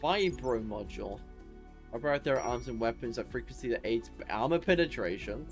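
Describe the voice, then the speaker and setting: A man's voice: medium pitch, animated, moderate pace, soft background music. A sleepy man streaming a game, reading out menu items and rambling in a tired, offhand way. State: sleepy, yawning. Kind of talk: casual gameplay commentary.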